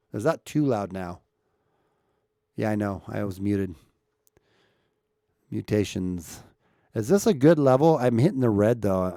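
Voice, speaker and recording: A man's voice: medium pitch, gravelly, a little mellow, no room sound, studio quality. A man chatting casually with viewers on a live stream, checking his mic and asking the chat questions as he talks. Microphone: streaming mic at home setup.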